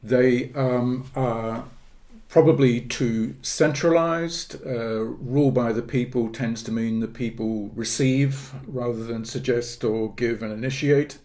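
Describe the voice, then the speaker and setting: A middle-aged politics professor explains ideas in a podcast interview, sounding measured and academic. His medium-pitched voice is level and dark in tone, and he pauses with fillers and restarts phrases.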